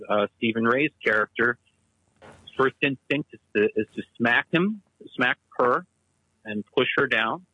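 A man's voice: mid-range voice, sharp tone, breathy edge, no room sound, lo-fi sound. A man co-hosting a casual talk show, speaking in an analytical, discursive way. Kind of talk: casual chat.

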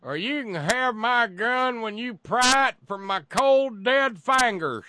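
A man mimicking a loud, defiant gun-rights diehard, shouting each word out slowly. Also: very high voice, lively intonation, no echo, voice pushed up, heavily acted. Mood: defiant bellow.

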